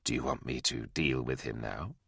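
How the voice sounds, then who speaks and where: A grim warrior lieutenant, as a man puts him on, measured and quietly menacing with a gravelly edge. The recording is a dry, close audiobook read. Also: very deep voice, no echo, pitched below the performer's own voice, full character voice. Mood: quiet menace.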